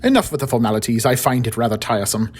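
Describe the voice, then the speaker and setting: A man doing a booming, jovial Victorian earl. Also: lively intonation, very fast, slightly rough. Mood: welcoming. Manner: booming and warm in welcome. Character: courteous Victorian country earl, middle-aged man.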